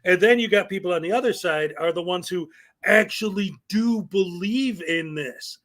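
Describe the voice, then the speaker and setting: Man, high-pitched, show host, casual chat, animated, restarts sentences. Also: moderate pace. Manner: animated, repeats words when starting a thought.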